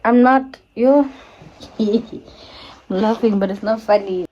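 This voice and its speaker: A young South African woman chats to her viewers in a casual vlog. Her voice sits high, and she takes her time with her words. Her talk is slangy and dramatic, broken up by frequent laughs. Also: slow, dark tone, lo-fi sound. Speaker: vlogger.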